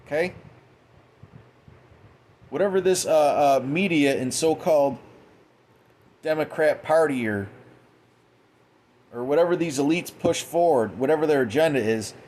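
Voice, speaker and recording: A man's voice: on the high side, darkish tone, slight background noise. A man giving a profane, mocking late-night commentary monologue, quoting scripture in a preachy way. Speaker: commentary host.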